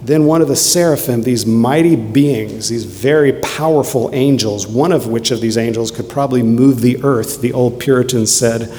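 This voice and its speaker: A man's voice: medium pitch, moderate pace, few pauses, warm tone. A man preaching a sermon, fervent and emphatic, driving points home with dramatic repetition. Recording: long hall reverb, faint noise.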